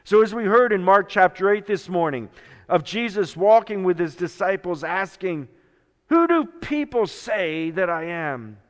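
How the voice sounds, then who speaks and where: A man preaching a sermon as pastor, slow and dramatic, moving from hushed words to loud ones. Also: high-pitched, clear, resonant tone, in a large hall.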